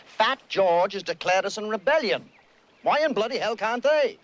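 An actor playing a blunt, loud, impatient revolutionary statesman in a musical film clip, exasperated and shouting. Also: high voice, expressive, moderate pace, muffled recording. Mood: indignant. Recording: film clip with faint ambience.

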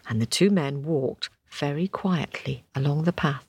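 A woman telling a folk tale to an audience, expressive and rhythmic, with repeated phrases. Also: sits low, a little slow, breathy edge, no echo. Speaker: storyteller. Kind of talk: oral storytelling to an audience.

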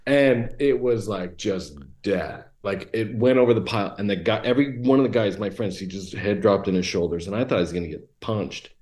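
A man talking as a podcast guest, telling blunt, animated stories with lots of fillers. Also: lowish voice, a little fast, few pauses, echoey room. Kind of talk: casual storytelling chat.

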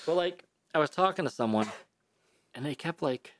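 A man's voice: on the high side, animated, moderate pace, fairly bright tone, slight background noise. A man with a New York accent co-hosting a podcast, talking bluntly, swearing and ranting. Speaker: podcast co-host. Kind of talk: casual podcast chat. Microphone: desk microphone.

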